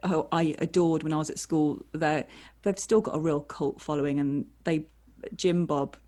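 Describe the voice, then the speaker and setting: A comedian woman telling lively anecdotes on a video call, acting out voices as she goes. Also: low voice, moderate pace. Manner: animated storyteller acting out voices. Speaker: comedian guest.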